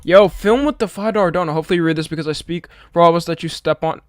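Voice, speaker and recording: A man's voice: a little high, very fast, no echo, clean studio sound. A young man streaming live, chatting casually and a little tired, swearing freely as he greets viewers by name.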